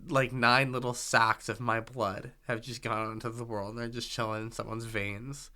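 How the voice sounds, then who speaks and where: A man with a crisp, resonant voice, chatting casually as a host. He rambles with enthusiasm, and his tone is bright and a little forceful. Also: medium pitch, level tone, normal speed. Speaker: podcast host. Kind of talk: casual conversation.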